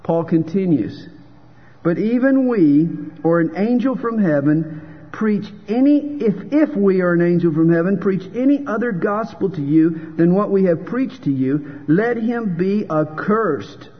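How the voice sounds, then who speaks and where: A man preaching a sermon as pastor, emphatic and dramatic, with pauses for effect. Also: high voice, lively intonation, husky. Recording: dull sound with long hall reverb.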